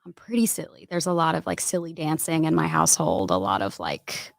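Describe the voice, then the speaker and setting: A woman guest on a studio podcast, talking in an earnest, candid way with lots of "like" and "right?" tags. Her voice sits low and has a gravelly fry. The sound is close and dry. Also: sing-song, fairly quick, no room sound. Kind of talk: candid conversational interview.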